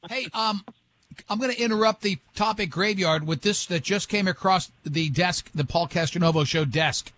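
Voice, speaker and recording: A man's voice: high-pitched, a bit bright, no room sound. A man hosting a radio talk show, chatting casually and joking between laughs, on a studio microphone. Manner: joking, quick asides, laughing often.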